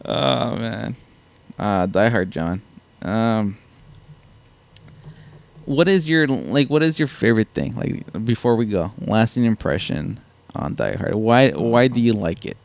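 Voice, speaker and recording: A man co-hosting a podcast in casual chat, animated and quoting lines with a laugh. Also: fairly low pitch, slow, vocal fry. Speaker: podcast co-host.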